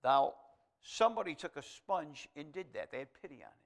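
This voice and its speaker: A male preacher giving a sermon, reading scripture aloud and moving from quiet asides to loud, emphatic declarations. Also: on the high side, very animated, fairly quick, vocal fry. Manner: reads scripture aloud in King James wording.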